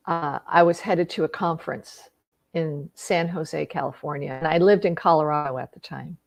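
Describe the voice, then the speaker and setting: Here is a middle-aged woman with a fairly low voice, speaking with earnest feeling as she works through a personal story. She often stops to restart a thought and fills gaps with small fillers while she reflects on her own mistakes. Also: gravelly, darkish tone.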